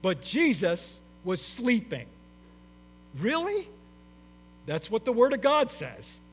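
A man's voice: very high-pitched, huge pitch swings, takes it slowly, slightly rough. A middle-aged man preaching a sermon to his congregation, emphatic and repeating his key phrases. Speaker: pastor. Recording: long hall reverb with faint mains hum.

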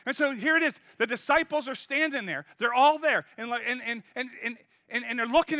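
High-voiced, bright male preacher. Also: fast talker, few pauses, no room sound, clean studio sound. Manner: energetic, conversational preaching that urges the crowd on. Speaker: pastor. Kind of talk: sermon.

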